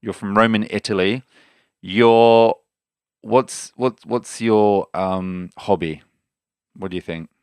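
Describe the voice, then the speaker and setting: A man's voice: on the low side, fairly even intonation, slow, smooth, dry recording. A man hosting a language lesson podcast in an upbeat, jokey way, often stumbling over his words. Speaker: podcast host. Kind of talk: casual language lesson chat.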